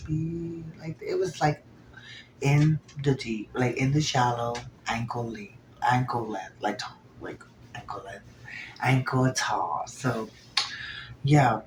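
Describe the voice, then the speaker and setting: Dude rambling thru a show recap, lively, slips into whispery quotes, echoey room. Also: male voice, medium pitch, takes it slowly. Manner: chatty, animated, slips into hushed quoted asides. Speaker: show reviewer. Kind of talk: casual video review. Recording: roomy echo, faint background noise.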